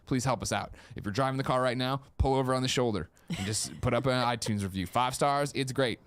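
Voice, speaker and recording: A man's voice: medium pitch, dry recording. A man hosting a casual gaming news podcast, joking and plugging the show. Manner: fast, jokey, animated plugs. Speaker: podcast host.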